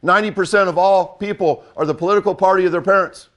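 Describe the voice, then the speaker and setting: Older male coach, higher-pitched, blunt and emphatic delivery. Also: steady tone, fast, a bit bright. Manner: blunt, emphatic, repeats for effect. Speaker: football coach. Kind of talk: coaching talk.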